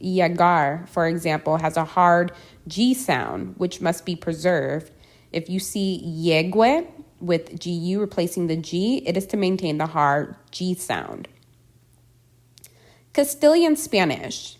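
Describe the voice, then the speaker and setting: A woman reading a scripted pronunciation lesson, deliberately enunciating each example word. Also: fairly low pitch, animated, a little mellow. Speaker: language teacher.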